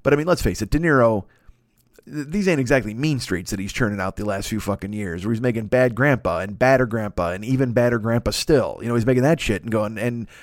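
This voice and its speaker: A man's voice: fairly low pitch, quick pace, no room sound, clean studio sound. A man hosting a comedy podcast, riffing in a profane, rambling mock-rant. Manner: profane, riffing, mock-ranting with put-on voices. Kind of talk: rambling comic monologue.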